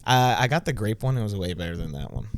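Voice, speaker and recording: A man's voice: lowish voice, lively intonation, fast. A man co-hosting a podcast in casual chat, offhand with dry shrugging asides. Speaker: podcast co-host.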